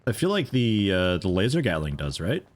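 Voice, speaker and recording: Laid-back young male streamer, low voice with a bouncy melody, rambling and profane. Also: wildly swooping pitch, normal speed. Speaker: streamer playing a video game. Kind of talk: casual let's play commentary.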